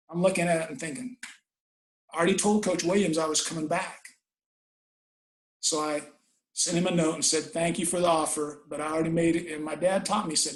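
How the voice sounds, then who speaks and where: A man's voice: on the high side, fairly even intonation, a little fast, long pauses, echoey room, poor audio. A man, a football coach, telling a personal story in an earnest, folksy way during an interview.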